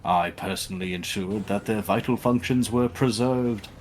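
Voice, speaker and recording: A man reading game dialogue aloud as an excitable old male tech-priest scientist, lecturing grandly. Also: fairly low pitch, moderate pace, slight background noise, natural voice.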